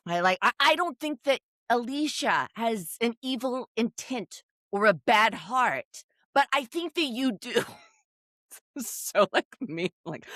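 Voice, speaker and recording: A woman co-hosts a casual podcast and recaps a show in an animated way, acting out the quotes as she goes. Her pitch swings widely. The recording is close and dry. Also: slow pace, dry recording. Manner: animated storytelling, acting out quotes, frequent laughs. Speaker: podcast co-host.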